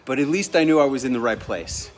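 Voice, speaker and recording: Chatty man telling a lively story. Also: mid-range voice. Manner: chatty, lively anecdotal delivery with laughs. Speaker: entrepreneur telling a personal story. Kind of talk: casual storytelling.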